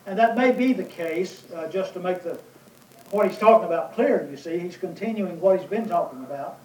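A man preaching a verse-by-verse Bible lesson, pausing often with fillers and asking himself questions. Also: high-pitched, darkish tone. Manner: plain teaching with many pauses and fillers; rhetorical questions answered himself. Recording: echoey room, voice from a distance, faint noise.

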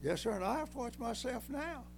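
An older man preaching a folksy, emphatic sermon that climbs to loud peaks and then drops low. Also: animated, fairly quick, gravelly, slight background noise.

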